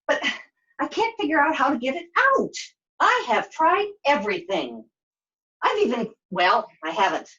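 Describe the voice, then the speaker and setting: A woman puppeteer voicing a chatty, excitable young girl who talks in quick, sassy bursts during a puppet show. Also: high-pitched, highs cut off, heavily acted. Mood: sassy, excited. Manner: breathless, sassy, quick to exclaim.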